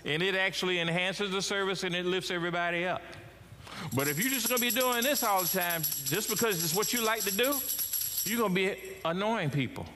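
A middle-aged man delivers a sermon from the pulpit, his voice sitting a little high for a man. He swings his pitch and volume freely as he preaches. The recording carries the long reverb of a church sanctuary. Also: a little fast, bright, forceful tone, soft background music. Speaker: pastor.

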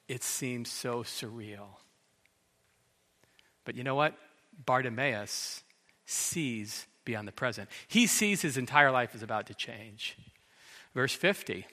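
Bright-voiced preacher in an echoing hall. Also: male voice, mid-range voice, animated, takes it slowly, pauses often. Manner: dramatic storytelling, acts out quotes. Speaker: pastor. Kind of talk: sermon. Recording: long hall reverb.

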